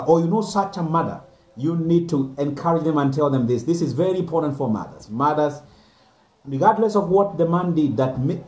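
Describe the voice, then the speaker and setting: A man's voice: fairly high pitch, darkish tone. A man, a pastor giving an earnest sermon message, repeating phrases for emphasis. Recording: echoey room.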